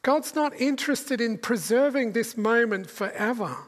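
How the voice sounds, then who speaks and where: A woman preaching a sermon in a slow, deliberate way, asking the listeners many rhetorical questions. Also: fairly high pitch, animated. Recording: long reverb of a large hall.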